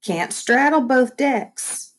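Woman voicing a big motherly foster mom, soft and tender, folksy talk, unhurried. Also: high voice, animated, pitched above the performer's own voice. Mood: gentle.

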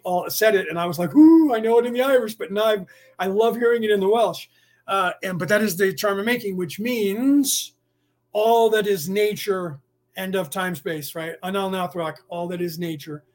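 A man speaking slowly in a rambling spiritual monologue, full of restarts and chanted incantations. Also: high-pitched. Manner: slow, deliberate, with many restarts and chanted incantations.

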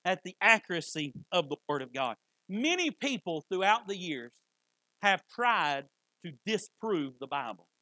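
A man with a high, bright, sharp voice preaches with a twang, fervent and emphatic. He hammers key phrases again and again. The sound is dry and close, with little room echo. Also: sing-song, unhurried. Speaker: pastor. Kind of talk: sermon.

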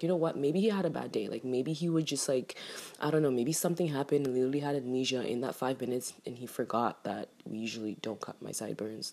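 A young woman telling a casual storytime rant to camera, animated and exasperated, swearing freely. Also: low voice, slightly rough. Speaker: vlogger.

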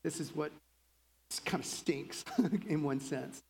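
A middle-aged man gives a sermon in an animated, chatty style with a fairly high voice. His words ring out with the long reverb of a big hall. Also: takes it slowly, gravelly, slight background noise. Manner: animated, conversational preaching with laughs and asides. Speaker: pastor.

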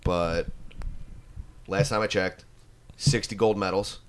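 Very deep-voiced sarcastic male co-host. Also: fairly even intonation, slow pace, a little hiss or hum. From United States. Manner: sarcastic, joking banter. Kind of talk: casual chat.

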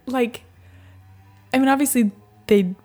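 A woman co-hosting a casual faith chat, speaking haltingly with many ums and filler words. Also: on the high side, darkish tone, faint music behind. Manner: hesitant, halting with ums and likes.

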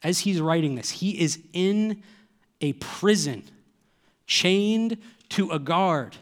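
A man's voice: high-pitched, animated, takes it slowly. A man, preaching a sermon earnestly and asking the listeners rhetorical questions. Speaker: pastor.

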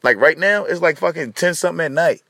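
A man's voice: a little high, fast talker, creaky, pushed and bright. A man hosting a podcast alone, sleepy and rambling, swearing loosely as he talks. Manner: profane, loose, tired and rambling. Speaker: podcast host. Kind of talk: casual solo rambling monologue.

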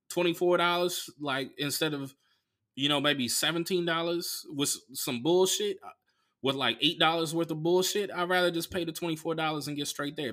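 Male comic from Oakland, sharp bright voice, loose profane storyteller who acts out every character. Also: on the high side. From Oakland, California. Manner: rambling, swears a lot, acts out other people. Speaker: comedian podcast host.

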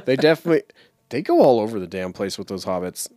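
A man's voice: fairly low pitch, fast, dry recording, clean studio sound. A young man co-hosting a casual podcast chat, rambling and swearing as he talks. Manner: animated, rambling, swears often. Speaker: podcast co-host.

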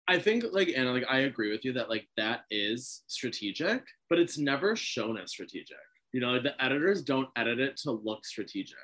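A man's voice: mid-range voice, very animated, a little fast, few pauses, fairly bright tone. A young man co-hosting a podcast, rambling skeptically in casual chat with lots of fillers. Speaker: podcast co-host.

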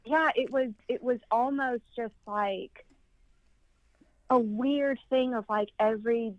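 A woman's voice: slow pace, no echo, highs cut off. A grieving woman guest on a podcast, telling her story in a rambling way and acting out the voices of people she quotes. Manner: rambling, acts out quoted voices with big jumps in pitch. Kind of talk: casual conversational storytelling.

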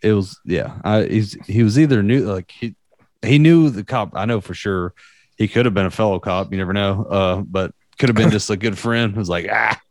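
A man's voice: fairly low pitch, moderate pace, dry recording, studio quality. A young man telling a story in casual chat, rambling and profane, with many fillers.

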